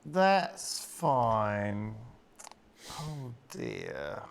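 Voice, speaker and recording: A man's voice: lowish voice, wildly swooping pitch, very slow, gravelly, slight background noise. A man co-hosting a live stream, chatting in a wry, musing way. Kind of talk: casual live-stream chat.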